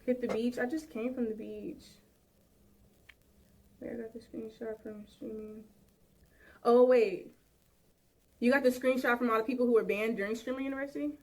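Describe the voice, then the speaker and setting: A woman's voice: a little high, a little mellow. A woman livestreaming, irritated and upset, venting to her viewers. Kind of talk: livestream talk to chat. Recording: distant sound from a played-back livestream.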